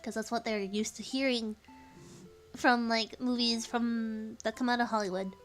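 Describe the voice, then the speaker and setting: A woman's voice: a little high, fairly even intonation, normal speed, soft background music. A woman with a Californian American accent, chatting casually on a live stream, reading chat aloud, giggling often and saying "like" a lot.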